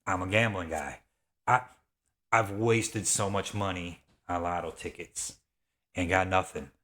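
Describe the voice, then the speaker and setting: Brief: man, 30s, low voice, eager affiliate marketer mid-rant, repeats himself. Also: fairly even intonation, a little slow, fairly bright tone. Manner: enthusiastic, repetitive, worked up. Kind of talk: excited sales pitch, self-described rant.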